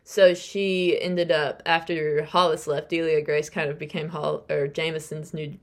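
A woman's voice: sits low, little pitch movement, measured pace. A young adult woman hosting a podcast, casually recapping a novel's plot in a chatty way and acting out the characters' lines. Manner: chatty, acts out characters' lines while retelling. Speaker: podcast host.

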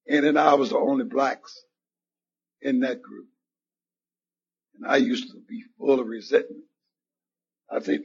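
A man gives his testimony at a recovery meeting in a slow, unhurried way. His voice is gravelly and very husky, and it sits a little high for a man. He acts out the voices of people in his story, and the recording is a dull, lo-fi meeting tape. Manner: storytelling with acted-out quoted dialogue. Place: meeting hall.

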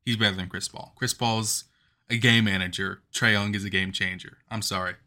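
A man's voice: on the low side, steady tone, normal speed, bright, forceful tone. A man in his twenties co-hosting a podcast, talking in a passionate, rambling, emphatic way in casual sports chat. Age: 20s. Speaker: podcast co-host.

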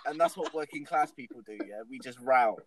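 A man's voice: medium pitch, wildly swooping pitch, brisk, vocal fry, a loud crowd. A man co-hosting a casual podcast, joking, swearing and arguing with his co-host. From Bristol, England. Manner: sweary, jokey, argumentative.

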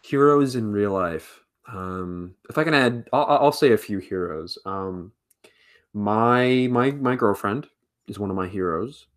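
A man answering questionnaire questions in a casual podcast chat, slow and hesitant with many ums, over a remote call. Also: lowish voice. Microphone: remote call with lag.

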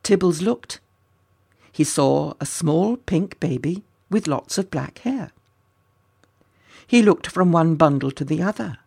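A children's storyteller reading aloud in a mid-range, gravelly voice. The reading is playful, with chatty asides that tease and address the young listeners directly. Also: medium pitch, lively intonation, slow pace, long pauses, darkish tone. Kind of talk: storybook narration.

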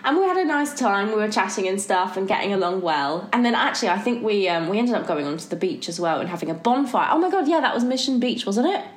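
A young woman hosting a podcast, telling a story in a lively chatty way and laughing often. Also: medium pitch, fast talker, few pauses. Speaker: podcast host. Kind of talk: casual storytelling chat. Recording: echoey room with faint noise.

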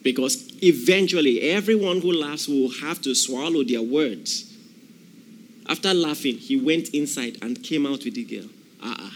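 A man's voice: on the high side, normal speed, a little hiss or hum. A man preaching a sermon, emphatic, repeating key phrases and acting out the voices of people in the story.

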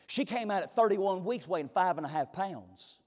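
A man's voice: high-pitched, expressive, moderate pace, in a large hall. A male pastor preaching a sermon through emphatic, heartfelt storytelling.

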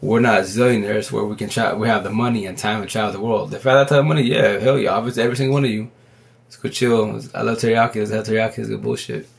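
Low gravelly man rambling on a livestream. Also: steady tone. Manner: rambling, slangy, talks fast. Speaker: livestream host. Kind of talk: casual livestream monologue. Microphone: phone.

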